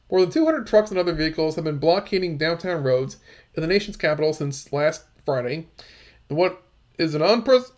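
A man with a somewhat high voice reads news articles aloud and breaks off into his own comments. His delivery is halting, full of fillers and restarts.

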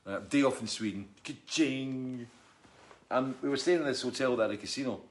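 The noisy background doesn't stop this middle-aged musician from chatting on his live stream, reading viewer comments and telling rambling, jokey stories. His voice sits in the mid range at a normal speed.

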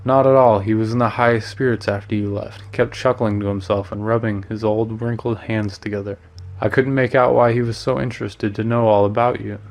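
A man's voice: on the low side, lightly acted. A man reading the part of a witty, worldly male painter who teases his friend and slips in French phrases. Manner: breezy, teasing, lightly sprinkles French phrases.

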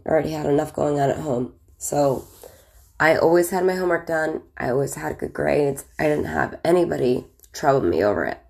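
Woman, 30s, vocal fry, deep voice; relaxed, candid storyteller full of fillers. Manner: chatty and candid, with frequent fillers and laughs. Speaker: vlogger. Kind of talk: casual storytelling, recalling childhood.

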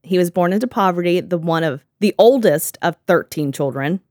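A woman's voice: lowish voice, lively intonation, moderate pace, mellow, dry recording. A woman hosting a podcast in casual chat, sarcastic and often laughing, on a close mic. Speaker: podcast host.

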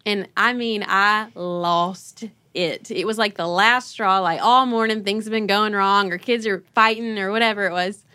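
Bright, animated mom telling stories. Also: female voice, mid-range voice, moderate pace, hardly any pauses, no room sound. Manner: animated, laughs often, acts out her kids' voices. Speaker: podcast host. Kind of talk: casual conversational storytelling.

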